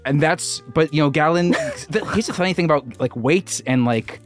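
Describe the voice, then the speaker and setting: Man, tabletop player, slightly high voice, rambling with fillers, faint music. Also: expressive, moderate pace. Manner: rambling, hedging with filler words. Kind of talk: casual tabletop play.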